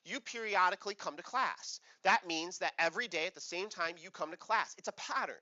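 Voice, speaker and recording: A man's voice: high voice, brisk, lo-fi sound. A male chemistry teacher giving a playful classroom lecture and quizzing his students. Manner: playful, animated, asks the class questions.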